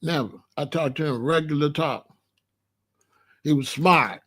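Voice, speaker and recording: A man in his sixties telling stories in a casual, animated way, full of street slang and "you know what I'm saying.". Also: on the high side, a little slow, husky. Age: 60s. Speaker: channel host. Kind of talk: casual storytelling monologue.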